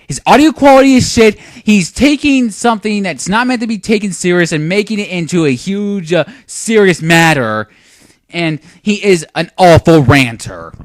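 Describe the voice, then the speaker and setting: A man's voice: high voice, no room sound, studio quality. A young man giving a lecturing, sarcastic commentary rant on a video. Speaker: YouTube commentator.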